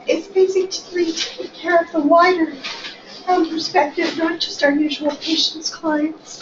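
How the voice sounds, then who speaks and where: A woman in her sixties with a hoarse voice from coughing, leading a small-group class discussion as facilitator and department chair. She talks in a chatty, self-deprecating way and keeps asking the group questions. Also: extremely high pitch, distant mic. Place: classroom or meeting room. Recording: echoey lo-fi room recording with background noise.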